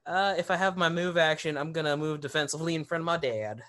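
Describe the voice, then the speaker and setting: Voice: medium pitch, fast, fairly bright tone. A player in a tabletop game, calling out dice rolls and actions in a casual way.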